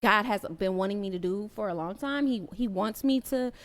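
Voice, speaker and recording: A woman's voice: mid-range voice, a little fast. A woman guest in a casual podcast chat, speaking earnestly and reflectively about faith.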